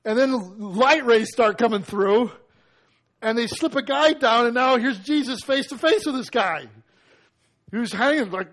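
Male preacher, high voice, animated storyteller acting out quotes, casual sermon delivery. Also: a little slow.

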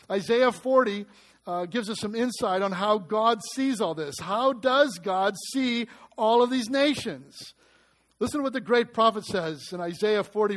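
Male pastor, high pitch, animated delivery with questions and jokes, sermon. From United States.

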